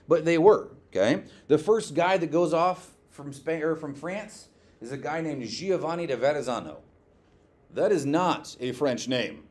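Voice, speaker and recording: A male teacher giving a classroom lecture, lively, quizzing his students and checking in with "okay" often. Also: on the high side.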